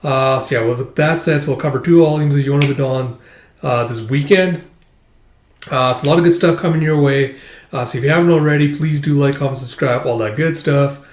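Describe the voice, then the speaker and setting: A manga reviewer hosting his channel walks through manga pages panel by panel in a casual, rambling read-through, shouting out character lines in a raised voice. His mid-range voice is a little fast, recorded in an echoey room with slight background noise.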